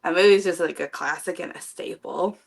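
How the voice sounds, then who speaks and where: A woman's voice: lowish voice, brisk, creaky. A woman, a burlesque performer, chatting as a guest in a casual interview, gushing and peppering her talk with fillers. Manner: gushing, chatty, heavy use of "like".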